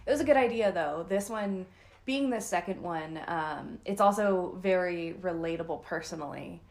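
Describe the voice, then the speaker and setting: A woman's voice: lowish voice, normal speed, a little mellow. A woman co-hosting a podcast with her husband, teasing him and laughing often in casual chat. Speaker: podcast co-host.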